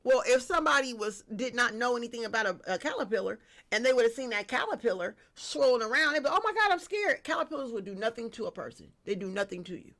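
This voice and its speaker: Gravelly bright-voiced woman reading tarot. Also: on the high side, fast, few pauses. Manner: lively and slangy, talks straight to viewers. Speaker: tarot reader. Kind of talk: casual spiritual tarot reading.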